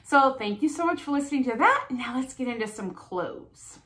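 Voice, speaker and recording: A middle-aged woman chatting casually at home, unhurried as she describes clothes she is trying on. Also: high voice, sing-song, reverberant, background noise. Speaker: fashion vlogger. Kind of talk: casual try-on haul chat.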